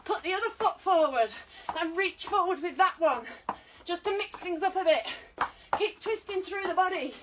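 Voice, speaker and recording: A woman's voice: very high voice, normal speed, recorded from a distance, background noise. A British woman leading an online exercise class, encouraging and counting down while working out herself and getting out of breath. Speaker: fitness instructor.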